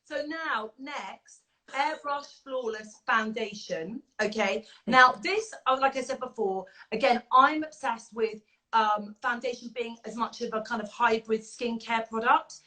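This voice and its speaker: Woman, makeup founder, gushing chatty demo tone, bright and high-ish. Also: measured pace, poor audio. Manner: effusive, gushing, chatty with many fillers. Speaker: makeup artist and beauty brand founder. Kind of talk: casual chat with makeup demonstration.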